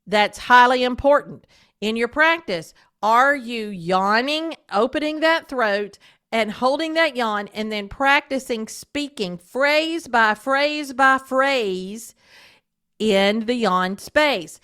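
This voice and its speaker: A woman voice teacher talks her listeners through singing practice at a slow, deliberate pace. Her voice sits a little high for a woman. She coaches by asking the listener question after question. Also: fairly bright tone, clear, resonant tone. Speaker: podcast host and voice teacher. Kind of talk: instructional podcast monologue.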